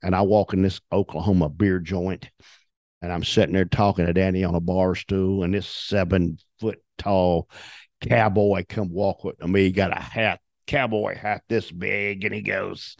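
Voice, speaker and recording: Profane and animated, an older retired wrestler recounts tales as a guest in a shoot interview, voicing the characters he quotes. His voice sits low and his pace is measured. The recording is dry and close, with no echo.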